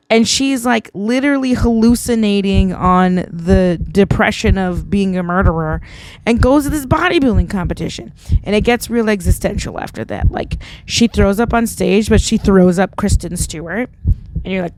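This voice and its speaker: A woman's voice: medium pitch, moderate pace, no echo. A woman hosting a vlog, tipsy and rambling through a casual film recap, leaning on "like" again and again. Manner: rambling, heavy use of "like". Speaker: vlog host.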